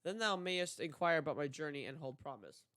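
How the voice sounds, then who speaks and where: A man's voice: fairly high pitch, lively intonation, fairly quick, fairly bright tone, no room sound. A young man reading aloud the lines of a stern giant knight in archaic speech, stumbling over the words. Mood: solemn. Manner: archaic formal speech, read with frequent stumbles.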